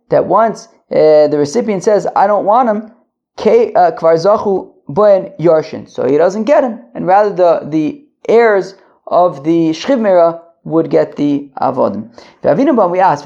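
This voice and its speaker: A man teaching a daily Talmud lesson, translating line by line in a halting way with many restarts while pacing back and forth. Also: sits high, gravelly, darkish tone, dull audio. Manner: halting, many restarts and fillers, Yiddish-flavored study terms. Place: pacing at the edge of a wedding hall.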